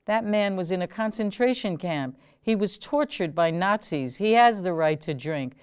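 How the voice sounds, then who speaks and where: Stern mom scolding her kids, low-ish voice, crisp, a woman reading it. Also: expressive, normal speed, lightly acted.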